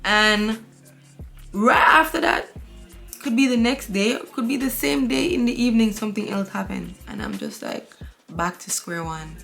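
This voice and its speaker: Young female vlogger, candid rambling chat, gravelly texture, faint music bed. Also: a little high, lively intonation, moderate pace, a bit bright. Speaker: beauty vlogger. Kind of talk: casual chat while getting ready.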